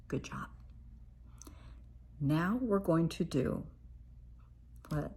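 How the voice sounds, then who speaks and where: A middle-aged woman therapist calmly teaching coping steps, reassuring and sometimes acting out playful examples. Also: low voice, vocal fry, husky. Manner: calm, reassuring, demonstrates with playful voices.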